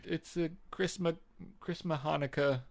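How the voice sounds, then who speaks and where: A man's voice: fairly high pitch, fairly even intonation, a little slow, creaky, a little mellow. A man co-hosting a podcast in casual chat, talkative and laughing often as he trails off and restarts. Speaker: podcast co-host.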